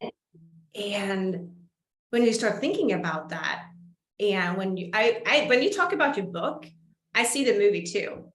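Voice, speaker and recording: A woman's voice: mid-range voice, animated, a little slow, a bit bright. Woman host, enthusiastic and chatty, recorded in a reverberant room. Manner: enthusiastic, chatty, laughs often. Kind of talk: conversational interview. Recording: echoey room.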